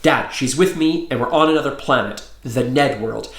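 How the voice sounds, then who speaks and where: A frantic, earnest teenage boy, put on by a man reading a storybook, lifted higher than a grown man's speaking voice. He pleads in urgent, breathless bursts. The sound carries a roomy echo. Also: normal speed, a bit bright, lightly acted.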